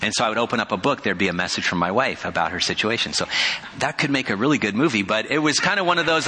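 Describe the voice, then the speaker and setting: A middle-aged man preaching a sermon as a pastor, telling stories in an animated way with chuckling asides. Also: medium pitch, fairly quick, slight background noise. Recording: long hall reverb.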